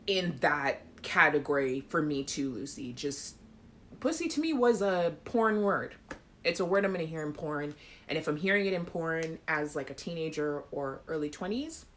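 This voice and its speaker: A young woman with a Caribbean accent hosts a live chat show in a casual, animated way. Her voice sits low, and she laughs often and breaks into playful sung snippets while reading viewer comments. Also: a little hiss or hum. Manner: animated, laughs often, acts out song lines.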